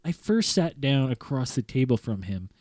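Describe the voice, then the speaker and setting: A man's voice: medium pitch, big pitch swings, normal speed, a little mellow, dry recording, studio quality. A man hosting a podcast, reading a story aloud in an earnest tone that keeps breaking into laughter. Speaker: podcast host. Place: podcast studio.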